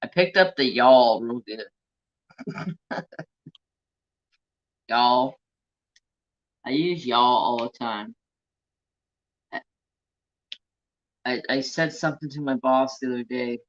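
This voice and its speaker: A man's voice: mid-range voice, slow, pauses often. Rambling man with a lo-fi drawl. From California. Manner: rambling, self-talking, joking, loose Southern-tinged drawl. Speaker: craft channel host. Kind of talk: casual live-stream chat.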